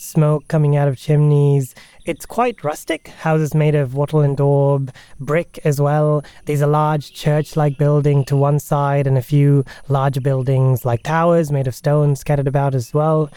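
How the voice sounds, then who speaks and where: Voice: mid-range voice, fairly even intonation, measured pace, mellow, clear, resonant tone, dry recording. Casual podcast game master narrating. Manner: casual, descriptive, with filler "like".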